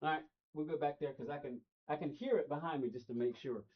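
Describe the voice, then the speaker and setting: A man's voice: fairly high pitch, quick pace. A middle-aged man streaming a racing game, rambling casually and talking straight to his chat. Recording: dull lo-fi stream audio.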